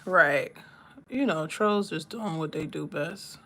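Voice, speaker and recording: A woman's voice: deep voice, slow, pushed and bright. A woman chatting casually with her livestream viewers while she does her makeup and reads comments aloud. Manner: laid-back, talks to chat, reads comments aloud. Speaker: livestream host.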